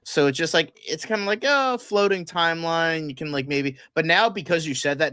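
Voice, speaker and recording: A man's voice: on the high side, animated, brisk, few pauses, sharp tone, smooth, no room sound, clean studio sound. A man co-hosting a casual podcast, going off in a profane, angry rant. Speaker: co-host.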